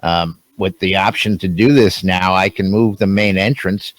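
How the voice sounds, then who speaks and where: A man co-hosting a game news show in casual chat, relaxed and unhurried, with joking asides. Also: low voice, no echo.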